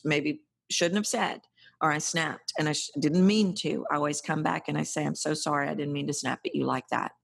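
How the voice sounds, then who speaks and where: Low, husky-voiced woman giving parenting advice. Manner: earnest, coaching, emphatic. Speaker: parenting podcast host. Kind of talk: advice monologue.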